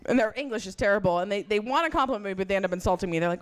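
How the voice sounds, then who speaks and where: A woman does stand-up on a club stage, handheld mic in hand, brash and profane, lowering her voice to impersonate other people. Her delivery is animated and racing, with hardly any pauses.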